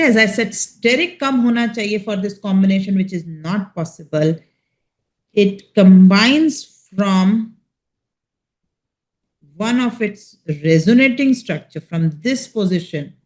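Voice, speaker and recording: A woman with an Indian English accent giving a chemistry lecture, explaining slowly and checking in with her students. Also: mid-range voice, darkish tone. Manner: slow, emphatic explaining with frequent check-ins. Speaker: chemistry teacher. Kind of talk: classroom lecture.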